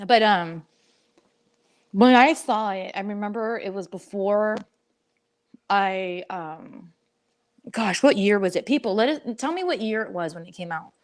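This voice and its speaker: A woman's voice: medium pitch, unhurried, pauses often. A middle-aged woman co-hosting a casual chat show, talking in a rambling way and laughing often. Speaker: co-host.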